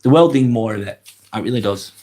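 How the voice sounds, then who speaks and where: A man's voice: on the low side, fast. Lancashire man with a head cold. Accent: Lancashire English. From Lancashire, England. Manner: relaxed, earnest, rambling with fillers and sighs. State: has a head cold, run down. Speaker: vlogger hosting a live stream. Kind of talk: casual live-stream chat, reading comments aloud.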